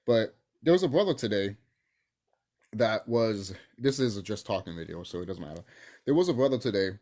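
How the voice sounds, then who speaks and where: A young adult vlogger rants to camera in a loose, profane ramble, stumbling through fillers and restarts. The voice is husky and a little breathy. The pitch swings widely from line to line, and the delivery is casual and unscripted. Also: lively intonation, normal speed, a little mellow.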